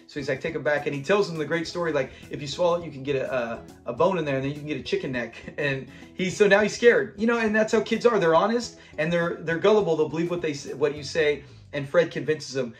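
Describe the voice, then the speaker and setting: A man's voice: fairly high pitch, fast, soft background music. A young man hosting a classic TV channel, casually and enthusiastically recapping an episode, retelling scenes and laughing along.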